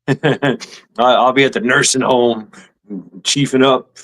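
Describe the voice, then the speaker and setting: A man's voice: medium pitch, steady tone, takes it slowly, a bit bright, low-quality recording. A man hosting a livestream in casual chat, rambling, laughing and swearing easily. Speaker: livestream host.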